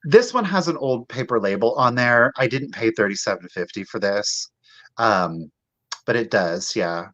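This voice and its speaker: A man's voice: mid-range voice, expressive, a bit bright. A man hosting a live online sale, chatting and gushing as he shows each item to bidders. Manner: chatty and gushing, drawn-out exclamations, addresses bidders directly. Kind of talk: live sales stream, showing items on camera. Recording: slightly dull lo-fi audio.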